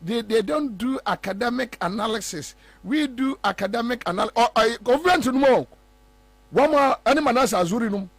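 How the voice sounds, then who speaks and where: Man, Ghanaian accent, high voice, animated commentary, mixes Twi and English, dry sound. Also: a little fast, dry recording. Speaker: political commentator.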